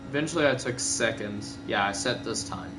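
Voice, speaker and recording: A man's voice: mid-range voice, fairly quick. Sleepy young man commenting a race replay. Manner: rambling, filler-heavy, self-correcting. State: sleepy, yawning. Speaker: gaming video commentator. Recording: gameplay music behind.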